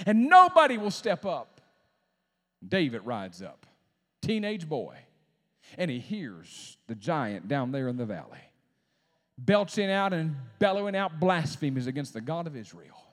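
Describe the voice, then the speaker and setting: A man preaching a sermon as a pastor, with shouted climaxes and dramatic pauses. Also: on the high side, wildly swooping pitch, long reverb tail.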